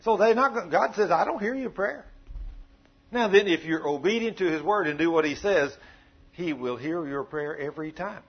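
A man preaching a sermon, telling stories in a folksy, animated way. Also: a little high, normal speed, husky. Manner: folksy, animated storytelling with acted quotes. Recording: dull lo-fi sound.

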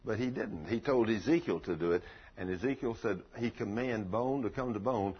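A man's voice: lowish voice, animated, moderate pace, breathy edge. A man preacher giving a folksy sermon, telling stories and asking rhetorical questions. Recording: lo-fi dull recording.

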